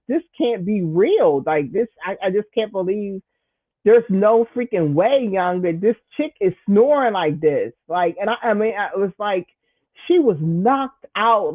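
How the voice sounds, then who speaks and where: A man hosting his own show, telling a casual story in an animated way, jumping into high, exaggerated voices when he quotes himself. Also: dry recording. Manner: lots of "like" and "you know", frequent restarts. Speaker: show host. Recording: thin phone-like sound, dry.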